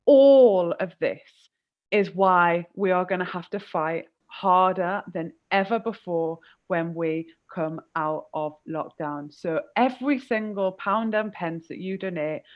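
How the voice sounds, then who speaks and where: A woman's voice: on the low side, measured pace. A woman hosting a fundraiser, making an earnest, rallying appeal. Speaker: fundraiser host. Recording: dull lo-fi stream audio.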